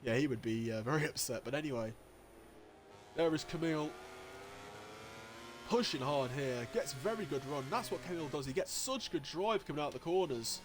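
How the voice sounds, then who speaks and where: A man giving live commentary on an online motorcycle race, getting excitable and jumping high at the overtakes, with race engine noise behind him. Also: moderate pace, pauses often. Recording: noisy with engine sounds behind. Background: racing game engine noise.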